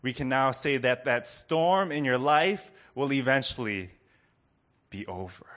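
A man preaching a sermon to a congregation, earnest, dropping to soft low lines and rising to loud ones. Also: a little slow. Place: room with a congregation.

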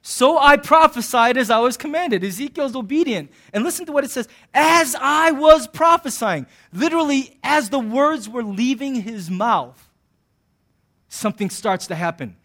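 High-voiced man preaching a sermon. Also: moderate pace. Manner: animated, acts out voices in asides; humorous, conversational preaching. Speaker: pastor.

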